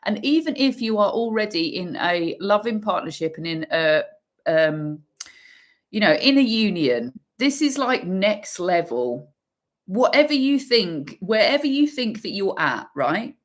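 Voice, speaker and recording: A woman giving an intuitive tarot energy reading, emphatic and swearing freely, pausing and restarting as she pulls cards. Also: medium pitch, very animated. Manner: pauses and restarts while pulling cards. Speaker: tarot reader.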